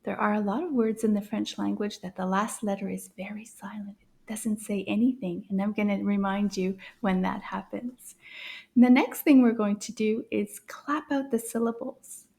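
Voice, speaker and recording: A woman teaching a children's French lesson in a cheerful, sing-song way, speaking slowly and clearly for young learners, sometimes dropping to a soft whisper. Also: mid-range voice, steady tone. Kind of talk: kids' language lesson.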